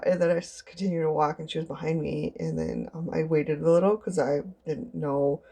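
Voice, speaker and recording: A young woman telling a rambling, chatty story for her vlog, often jumping into high squeaky voices to act out other people. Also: steady tone, brisk, few pauses, dark tone, breathy edge. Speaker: vlogger.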